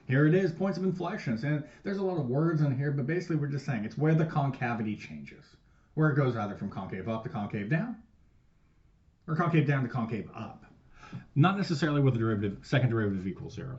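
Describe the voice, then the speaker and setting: A man walks through a math lesson in a loose, offhand way and swears casually as he goes. His mid-pitched voice jumps from punchy stressed words to quiet trailing asides. The recording sounds slightly dull and lo-fi. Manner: loose and profane, swears casually while explaining. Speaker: math teacher.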